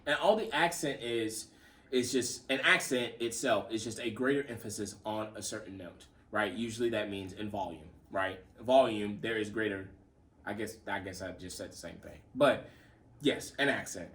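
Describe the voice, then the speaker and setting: A man with a lowish voice, heard from some distance, gives a relaxed drum lesson at normal speed. As the teacher plays, he counts and calls out the stickings aloud, explaining as he goes and often repeating himself in a casual, demonstrative way.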